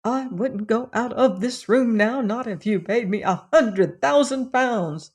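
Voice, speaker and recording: A woman's voice: fairly high pitch, a little slow, pitched above the performer's own voice, natural voice. A woman voicing a frightened, fussy older housekeeper who talks in a quavering, fretful way. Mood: fearful.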